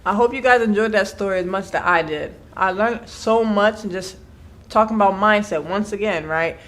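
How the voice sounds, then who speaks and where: A podcast co-host in casual chat, speaking reflectively and encouragingly, often checking in with the listener with a quick "right?". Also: medium pitch, a bit bright.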